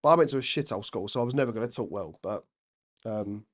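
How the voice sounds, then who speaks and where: A young man, chatting as a podcast guest, an animated storyteller who swears freely. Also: lowish voice, fast talker. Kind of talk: casual chat.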